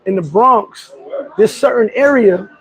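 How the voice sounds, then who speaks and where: A man's voice: sits high, a little slow, rough recording. A man vlogging outdoors, chatting casually, joking and telling stories to his viewers. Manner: joking, storytelling, laughs often. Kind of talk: casual street vlog chat. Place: outdoors on a street.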